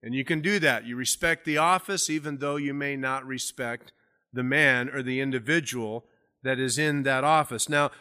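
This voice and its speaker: A male pastor delivers an expository sermon, unpacking a Bible passage conversationally and raising his voice for scripture readings. His mid-range voice sounds pushed and bright, with a steady tone at a moderate pace.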